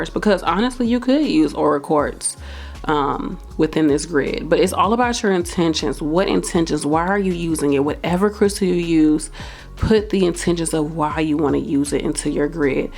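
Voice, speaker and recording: A woman's voice: low-pitched, a little mellow. A woman hosting a casual how-to video, talking in a chatty, encouraging way with many fillers. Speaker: crystal shop owner and video host. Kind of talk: casual how-to talk to camera.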